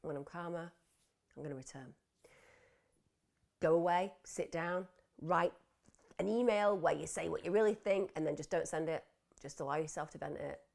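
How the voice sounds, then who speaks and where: A woman's voice: sits low, vocal fry. A middle-aged woman hosting a live mental health talk, explaining earnestly and voicing inner thoughts in quotes. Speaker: psychotherapist host of a live wellbeing Q&A.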